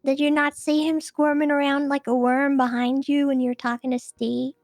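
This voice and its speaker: A high-pitched woman defends herself in an online roleplay courtroom, her words now and then sliding into a southern drawl. She sounds defensive but stays calm. The sound is dry and close to the mic. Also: moderate pace, no echo. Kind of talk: in-character roleplay banter.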